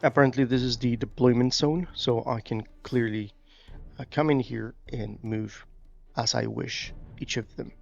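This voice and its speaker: A man's voice: mid-range voice, fairly even intonation, moderate pace, creaky, a little mellow, highs cut off, soft background music. A man giving casual commentary on a strategy game, reading tutorial text aloud and musing with fillers. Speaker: gaming YouTuber.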